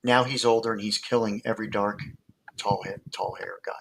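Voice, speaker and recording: A man's voice: fairly low pitch, fairly even intonation, brisk, vocal fry, fairly bright tone, slight background noise, low-quality recording. A man, a hypnotist guest, explaining his methods in casual talk with many fillers and restarts, heard over a video call.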